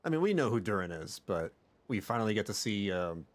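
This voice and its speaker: Animated casual male streamer. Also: lowish voice, a little fast, faint music behind. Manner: chatty, animated reactions. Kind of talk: casual livestream commentary.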